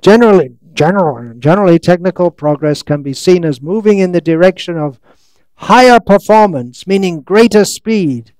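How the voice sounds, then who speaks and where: A man giving a scriptural lecture, reading out quotes slowly and breaking into sarcastic, ironic asides. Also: high-pitched, lively intonation, darkish tone, clear, resonant tone, no room sound. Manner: reads quotes slowly, stretches words. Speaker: monk lecturer. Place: lecture hall in India.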